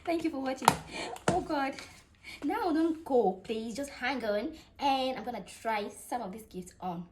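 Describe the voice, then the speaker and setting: A woman hosting an unboxing vlog, talking in excitable, gushing exclamations. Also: sits high, a little slow, a little hiss or hum. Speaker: vlogger.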